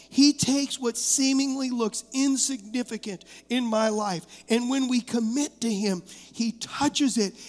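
High-voiced animated male pastor in a big reverberant hall. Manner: animated storytelling preacher, laughing through stories. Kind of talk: sermon. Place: church sanctuary.

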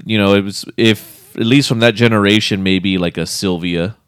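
Laid-back man for casual car talk, deep-ish clean voice, dry close recording. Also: fairly even intonation, normal speed, smooth, no echo. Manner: laid-back, laughs often, swears casually. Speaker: co-host. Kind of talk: casual chat.

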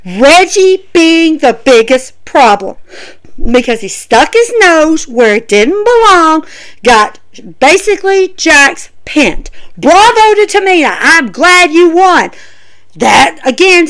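A woman's voice: sits high, a bit bright. A woman giving an emphatic, chatty wrestling show review, talking straight to her viewers. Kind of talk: casual opinion vlog.

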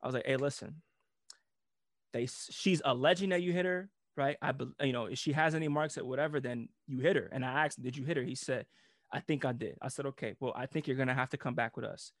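A man in his thirties, a former police officer, telling a story in casual chat, animated and profane and laughing often. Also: mid-range voice, quick pace, dry recording, clean studio sound.

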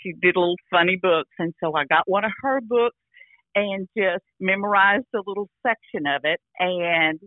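An older actress chatting casually as an interview guest over a phone line, rambling with restarts and frequent "you know". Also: female voice, mid-range voice, moderate pace, no echo. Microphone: phone call.

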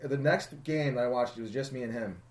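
A man in his thirties co-hosting a casual podcast chat, telling lively stories and mimicking friends. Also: fast talker, echoey room. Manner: animated storyteller, quotes friends in loud high voices. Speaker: podcast co-host.

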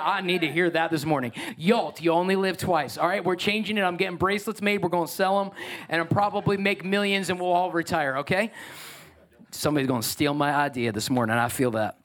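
A male pastor in full sermon mode, his voice sitting high and climbing even higher at his emphatic peaks. He drops into playful asides to the congregation between points. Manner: animated, rising to emphatic peaks and joking asides. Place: church sanctuary.

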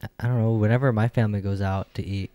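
A man's voice: fairly low pitch, steady tone, fast talker, warm tone, muffled recording. A man co-hosting a podcast, chatting casually and asking easygoing questions. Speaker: podcast co-host. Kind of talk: casual chat.

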